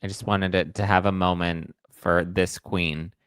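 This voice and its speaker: Smooth-voiced man hosting a casual podcast. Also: sits low, flat delivery, a little slow, a bit bright, dry recording, clean studio sound. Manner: chatty, sarcastic. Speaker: podcast host. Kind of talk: casual political chat.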